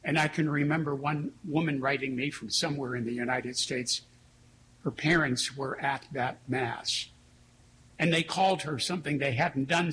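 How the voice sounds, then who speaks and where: A priest gives a sermon in a church, and his voice sits a little high for a man. He tells his stories earnestly, lingering on pauses, over a faint hum. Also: a bit bright, rough recording. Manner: earnest, reflective storytelling with slow pauses.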